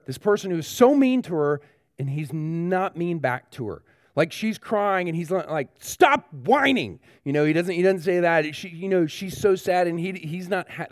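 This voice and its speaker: A man's voice: fairly high pitch, darkish tone, no echo, studio quality. A male pastor giving a children's sermon, asking the kids questions and talking to them directly.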